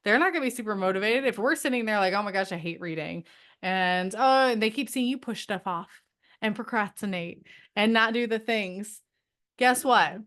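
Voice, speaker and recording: A woman's voice: mid-range voice, moderate pace, a bit bright. A middle-aged woman coaching homeschool parents in an online training from home. She talks conversationally, often checks in with "right?" and acts out parents' and teens' voices. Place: home, with a dog nearby.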